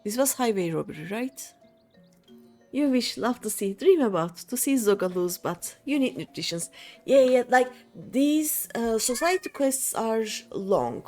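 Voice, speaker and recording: Woman streamer rambling thru her game, lots of ums, kinda high voice, little game music under it. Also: expressive, a little slow, dark tone. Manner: thinks aloud, hesitant fillers. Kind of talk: casual gameplay chat.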